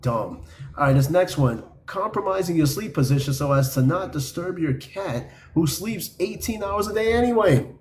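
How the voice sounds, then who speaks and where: A man's voice: high voice, lively intonation, moderate pace, hardly any pauses, a little mellow, a little hiss or hum. A man hosting a podcast, reading a list aloud and mocking it in blunt, profane casual talk. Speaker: podcast host.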